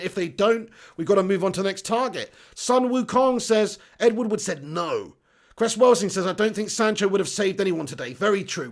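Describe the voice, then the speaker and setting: A man's voice: high-pitched, creaky. A man hosting a football live stream, reading out chat comments in a chatty way, laughing and swearing casually. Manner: chatty, laughs often, swears casually, says mate a lot.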